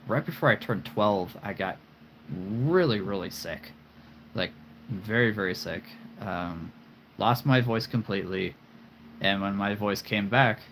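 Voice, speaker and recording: A man's voice: lowish voice, fairly bright tone, slight background noise. A man in his forties hosting a live stream, chatting casually and playfully about his collection, rambling with chuckles and puns.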